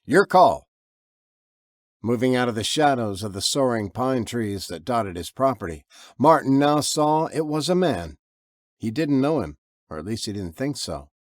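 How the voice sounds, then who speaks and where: A man narrating his own horror novel in an expressive, lively way. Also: normal speed, dry recording, studio quality. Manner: lively, expressive reading, with low growled voices for the father. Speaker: author and narrator.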